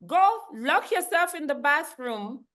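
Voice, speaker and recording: Slow, emphatic woman trainer. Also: high voice, expressive, a bit bright. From Central Africa. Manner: emphatic, repeats key lines, laughs easily. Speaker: workshop trainer. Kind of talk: online leadership training talk.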